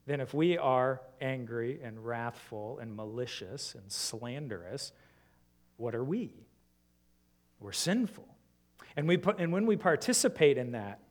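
A man preaching a sermon, questioning his listeners and swinging between emphatic rises and soft, low drops. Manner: asks the congregation many rhetorical questions.

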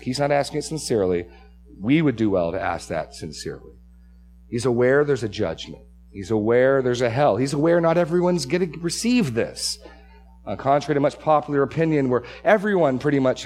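A man's voice: mid-range voice, darkish tone, slight background noise. A man preaching an expository sermon as pastor. He stresses key phrases, repeats words and restarts his sentences.

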